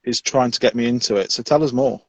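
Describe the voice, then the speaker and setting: A man's voice: medium pitch, fast, a little mellow, no echo. A man hosting a casual live-stream chat, speaking through a phone with many fillers and restarts. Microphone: phone on a flexible arm. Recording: dry, dull sound.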